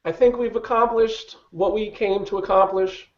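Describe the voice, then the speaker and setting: A man's voice: sits high, steady tone, normal speed, darkish tone. A man hosting a casual panel chat, asking questions and steering the talk. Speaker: show host. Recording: roomy, dull lo-fi audio.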